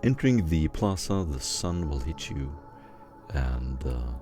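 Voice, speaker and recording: A man with an extremely low voice narrates a tabletop game as its game master. He sets scenes at an easy pace, with the odd "uh", while soft music plays underneath. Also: big pitch swings. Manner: descriptive, unhurried scene-setting with fillers.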